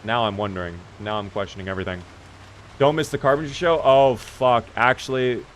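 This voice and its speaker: A man's voice: mid-range voice, fairly even intonation, brisk, a little hiss or hum. A man chatting casually with his live-stream chat while playing a video game, reading out and answering viewers and swearing now and then.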